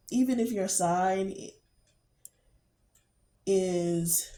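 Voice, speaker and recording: Slow, nasal woman with a cold. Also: medium pitch, reverberant, low-quality recording. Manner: slow, hesitant, many ums, murmurs quietly while shuffling cards. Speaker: tarot reader, channel host. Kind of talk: casual tarot reading vlog.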